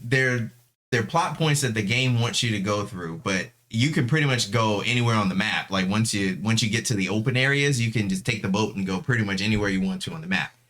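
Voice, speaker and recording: A man's voice: on the low side, fairly quick, fairly bright tone. A man co-hosting a podcast in casual, enthusiastic chat. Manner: enthusiastic, agreeing interjections. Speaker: podcast co-host.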